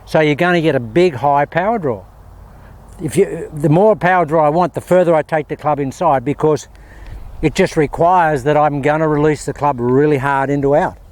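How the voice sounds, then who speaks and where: A man's voice: on the high side, normal speed, darkish tone. An Australian man giving a casual, upbeat golf lesson outdoors at a windy range, chatting to viewers as he hits shots. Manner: chatty, upbeat, keeps calling viewers "guys". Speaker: golf instructor. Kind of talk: casual on-course golf instruction.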